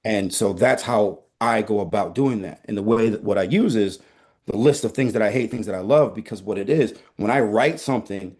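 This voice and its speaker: A man who works as a teaching artist, talking as a guest in a casual conversation and telling stories in a playful, candid, animated way. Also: on the low side, a little fast, husky.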